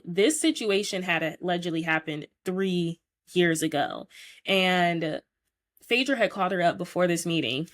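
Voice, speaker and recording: Chatty opinionated woman podcaster, low voice. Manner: chatty, opinionated, animated retelling. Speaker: podcast host. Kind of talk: casual recap commentary.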